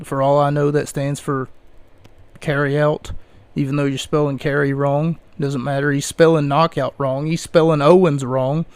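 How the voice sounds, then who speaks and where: A man's voice: on the high side, level tone, normal speed, darkish tone, smooth, no room sound. A man hosting a podcast, ranting sarcastically in casual commentary. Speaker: podcast host.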